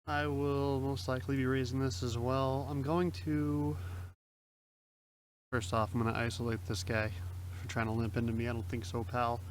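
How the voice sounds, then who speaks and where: A man's voice: medium pitch, fairly even intonation, moderate pace, slight background noise, poor audio. A young man casually talking through his online poker hands as a streamer, chatty and self-mocking. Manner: chatty, self-mocking, explains plays aloud.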